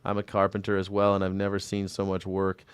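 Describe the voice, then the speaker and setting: His voice is low, monotone and resonant, clear and fairly quick, with no room sound at all. The man is an independent news and culture commentator who reads viewer comments in a laid-back livestream, rambling sarcastically and swearing heavily.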